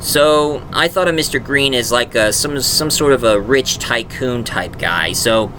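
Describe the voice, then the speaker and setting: A man's voice: mid-range voice, a little slow, background noise. A man who makes audio dramas, talking in a casual, rambling way with frequent fillers and restarts. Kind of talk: casual vlog talk.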